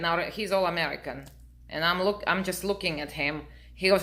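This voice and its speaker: A middle-aged woman, native Russian speaker, telling a story to her camera in a dry, deadpan way. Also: lowish voice, moderate pace. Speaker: vlogger.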